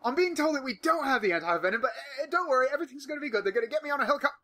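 A man's voice: very high-pitched, animated, very fast, noisy background, voice pushed up. A man putting on an impression of a cheerful adult male wildlife showman who stays breezy and reassuring. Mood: breezy reassurance.

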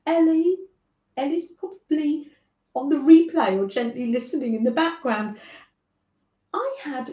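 A woman from northern England who hosts a craft livestream, chatting gently with viewers by name and often laughing as she works. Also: high voice. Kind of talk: casual chat with live viewers while crafting. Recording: echoey room, dull lo-fi sound.

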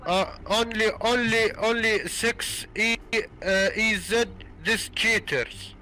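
A man with a high, very bright voice struggles through slow, broken English in game voice chat. He is not a native speaker and turns hostile. Faint music plays behind him. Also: steady tone, slight background noise. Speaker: player in voice chat.

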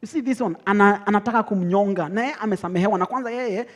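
A young Kenyan man preaching a teaching sermon, lively and teasing, laughing often with his congregation. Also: high voice, fast talker, hardly any pauses. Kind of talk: teaching sermon, mixing English and Swahili.

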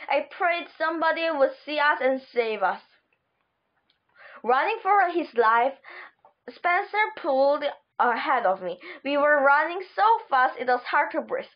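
A woman reading a children's book aloud, halting and stumbling over words. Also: high-pitched, lively intonation. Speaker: audiobook reader. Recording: dull lo-fi recording.

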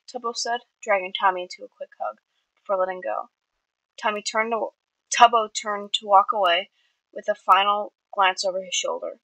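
A woman's voice: medium pitch, steady tone, normal speed, creaky, bright, forceful tone, dry recording, low-quality recording. A woman reading her own story aloud earnestly, with small slips and restarts. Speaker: amateur writer.

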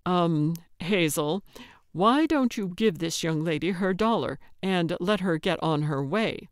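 A grumpy older man, put on by a woman reading an audiobook, grumbling dryly and taking his time. His voice is smooth and close, in a dry room. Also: fairly low pitch, expressive, measured pace, no room sound.

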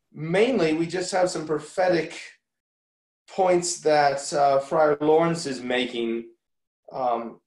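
Male teacher, relaxed joking delivery, echoey room. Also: on the high side. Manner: relaxed, lots of ums, joking asides. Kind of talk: casual recorded lesson.

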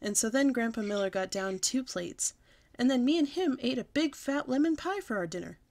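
Lady reading a kids' chapter book out loud, expressive, lively storytime voice. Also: on the high side, moderate pace. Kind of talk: reading a children's book aloud.

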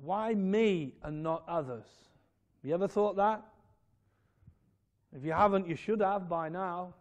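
A man preaching a fervent sermon in a church, swelling to loud emphatic peaks and dropping to quiet asides. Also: high voice, unhurried, lo-fi sound. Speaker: pastor.

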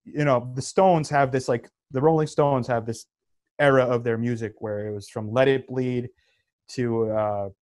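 A man's voice: medium pitch, steady tone, moderate pace, darkish tone. A man in his thirties co-hosts a podcast, and his voice sits in a plain middle register. He talks in loose casual chat, tells the story with animation and swears freely. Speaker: podcast co-host.

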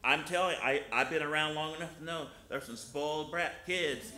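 Bright-voiced Midwestern preacher in an echoey church. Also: male voice, on the high side, a little fast. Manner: folksy storytelling, colloquial grammar. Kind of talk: sermon. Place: church sanctuary.

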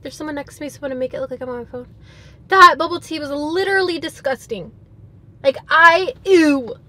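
With a high-pitched, bright and forceful voice, a young vlogger rattles off her exaggeratedly disgusted verdicts on drinks from her parked car at a quick pace. There's no echo.

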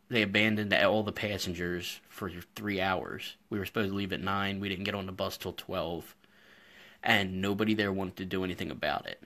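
A man's voice: deep voice, pushed and bright. A man hosting a casual live stream from his workshop, telling stories in a rambling, chatty way full of fillers and recorded on a phone. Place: indoor home workshop. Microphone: phone camera.

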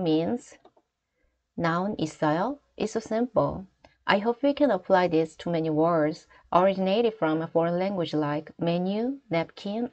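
A woman with a Korean accent, a native Korean speaker, teaching travel phrases in a clear, deliberate lesson voice. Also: fairly low pitch, darkish tone, highs cut off. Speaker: language teacher. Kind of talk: scripted lesson narration.

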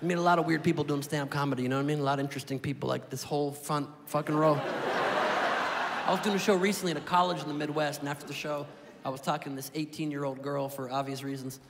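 A man doing a stand-up comedy set on a club stage, animated and shouting his punchlines over audience laughter. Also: fairly high pitch. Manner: animated, shouting punchlines, quick asides to the crowd. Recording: live room with long reverb, crowd noise.

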